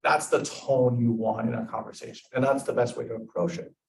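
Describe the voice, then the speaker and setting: A young man talks loosely with his club, full of fillers and acted-out example lines. His voice has a gravelly edge. He sounds distant in an echoey room with faint background noise. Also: medium pitch, brisk. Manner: rambling, filler-heavy, acts out example dialogue. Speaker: club discussion leader. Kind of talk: casual group discussion. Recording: echoey room, mic far off.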